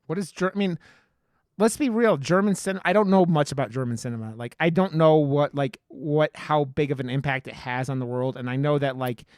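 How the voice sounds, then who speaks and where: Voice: mid-range voice, a little fast, darkish tone, no echo, studio quality. A podcast co-host in a casual horror movie review chat, rambling with many restarts and casual swearing.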